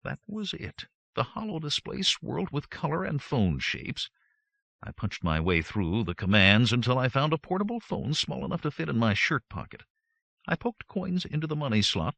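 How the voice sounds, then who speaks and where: Male narrator, bright tone, hugely animated pitch, dry close studio sound, wry first-person reading. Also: moderate pace, vocal fry, dry recording. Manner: wry, lively storytelling. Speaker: audiobook narrator.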